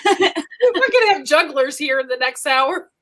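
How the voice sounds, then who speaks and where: A woman's voice: sits high, a little slow, a bit bright. A woman co-hosting a livestream in casual chat, bubbly and giggly, teasing her guests over a video call. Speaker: livestream co-host.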